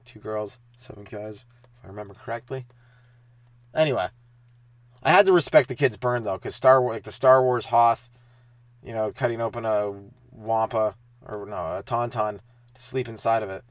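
A man in his thirties hosting a comedy podcast, telling stand-up stories and acting out the people in them with sudden loud, high bursts. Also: normal speed, no room sound. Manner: animated, acts out kids' taunts with sudden loud high bursts. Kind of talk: comic storytelling monologue.

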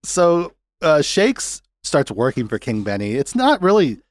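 Man, podcast host, casual film chat, animated delivery, laughs often, dry sound. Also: fairly high pitch, measured pace, no room sound.

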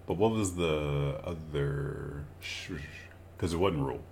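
A man's voice: very deep voice, slow, gravelly, darkish tone, slight background noise. A man co-hosting a podcast, teasing his partner in profane, laughing banter. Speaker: podcast co-host.

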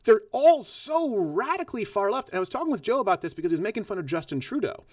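Animated male host, dry close sound. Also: sits high, fast, dry recording. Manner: animated, laughs often. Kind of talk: casual political banter.

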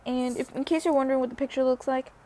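Young woman, high pitch, casual rambling vlog storyteller. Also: fairly even intonation, fast, dark tone. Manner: chatty, rambling, with many fillers and restarts. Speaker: vlogger.

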